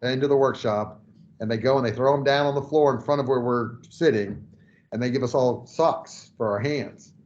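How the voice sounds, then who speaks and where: A man's voice: medium pitch, moderate pace, a little mellow. Man, podcast host, conversational, muffled sound. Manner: rambling, conversational with fillers. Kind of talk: casual interview. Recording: dull lo-fi audio.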